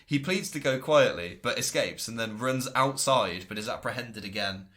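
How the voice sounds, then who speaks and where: Male co-host, casual recap, bright tone, lively pitch, quick to laugh. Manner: enthusiastic, laughs often. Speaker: podcast co-host.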